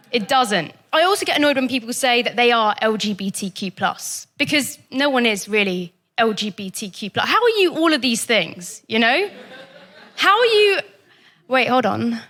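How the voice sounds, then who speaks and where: A stand-up comic working the crowd in a dry, conversational way on a comedy club stage. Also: female voice, a little high, bright, forceful tone. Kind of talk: stand-up routine.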